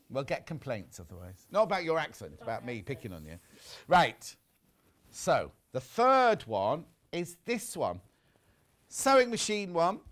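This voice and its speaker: A man's voice: fairly high pitch, a bit bright. A man hosting a live shopping channel show from a TV studio, showing products in a chatty, teasing way.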